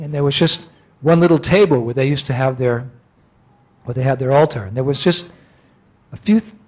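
An American man lecturing as a spiritual teacher, his voice sitting a bit higher than most men's. He tells the story in an animated way, leaping into excited cries for the parts he quotes. At the emotional moments he sinks into soft, hushed tones. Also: rough recording. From United States.

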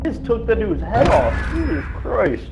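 A man chatting as a teammate in a shooter game, exasperated and cursing with drawn-out exclamations. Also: sits high, huge pitch swings, heavy background noise. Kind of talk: game chat. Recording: loud gunfire behind.

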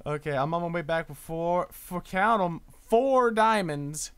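A man's voice: sits high, animated, unhurried, hardly any pauses, fairly bright tone, clear, resonant tone, dry recording. A man in his twenties, a streamer and voice actor, chatting casually during a live-streamed game, stammering and restarting his sentences.

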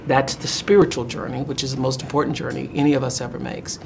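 A calm, preachy talk-show guru , played by a man, lays out spiritual truths in slow, sermon-like phrases. The voice carries a gravelly fry at the bottom. A faint hiss sits under the recording. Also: mid-range voice, close to an everyday voice. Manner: slow, sermon-like uplifting speech.

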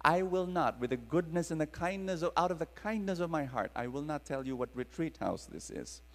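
This preacher, a man with a Filipino accent, speaks fairly quickly in a slightly high voice. He animates his sermon with dramatic stories and prompts the live crowd to answer, all captured in a big hall with long reverb.

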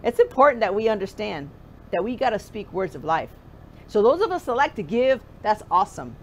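A woman's voice: on the high side, sing-song, moderate pace, slight background noise. A woman pastor preaching a conversational sermon, often asking the listener direct questions.

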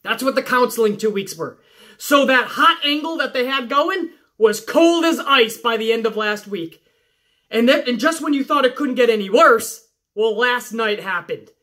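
A woman's voice: a little high, animated, moderate pace, fairly bright tone. A woman reviewing a wrestling show in a sarcastic, exasperated rant full of swearing. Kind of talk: profane recap rant.

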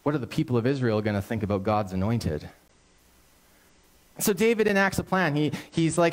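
A man preaching in a conversational, story-driven sermon style, with a middle-pitched voice. He sounds animated and earnest as he moves from the story to direct appeals to the listeners. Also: normal speed, long pauses. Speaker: pastor.

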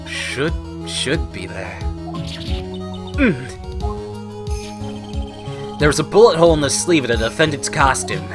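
A man voicing an anxious but determined young male defense lawyer, reading game dialogue aloud over game music. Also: medium pitch.

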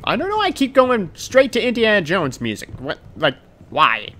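A man's voice: high-pitched, huge pitch swings, moderate pace, fairly bright tone. A man playing a video game and commenting, rambling and talking to himself playfully. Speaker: gaming video creator. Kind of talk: let's play commentary.

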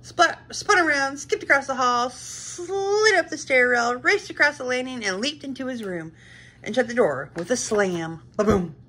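A woman reading a children's picture book aloud with lively, expressive storytelling. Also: sits high, moderate pace.

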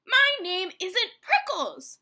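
A woman voicing a grumpy, prickly male cactus who shouts at everyone in a storybook. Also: a little high, expressive, fairly quick. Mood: grumpy yelling. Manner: shouting gruffly.

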